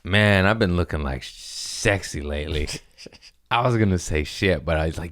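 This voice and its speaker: A man's voice: deep voice, moderate pace, fairly bright tone. A young adult man hosting a comedy podcast, rambling through crude jokes and laughing at himself. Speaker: podcast host. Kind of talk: casual comedic monologue.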